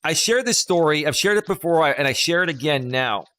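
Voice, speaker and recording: A man's voice: a little high, expressive, brisk, pushed and bright. Rambling middle-aged male life coach. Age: 50s. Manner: rambling, emphatic, with many fillers and restarts. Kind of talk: casual live-stream talk.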